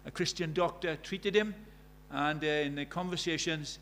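Preacher, storytelling sermon. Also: male voice, a little high, moderate pace, fairly bright tone, a little hiss or hum. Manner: storytelling, building to emphatic appeals.

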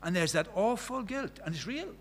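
Man, Welsh accent, middle-aged, preacher, sermon, fairly high voice, loud then hushed. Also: moderate pace, slight background noise. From Wales. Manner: animated, swings from loud declaring to hushed asides.

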